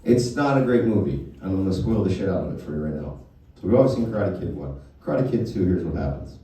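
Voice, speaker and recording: A man performing a profane, animated stand-up comedy set on a club stage. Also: deep voice, fast talker, heavy reverb, far from the mic, rough recording. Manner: profane, animated storytelling to a live crowd.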